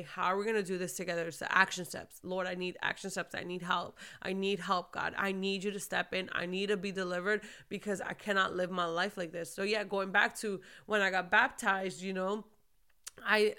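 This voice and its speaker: A woman pastor giving a casual faith talk to her viewers, emphatic and swinging from quiet to shouting. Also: mid-range voice, clean tone. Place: lives in Florida.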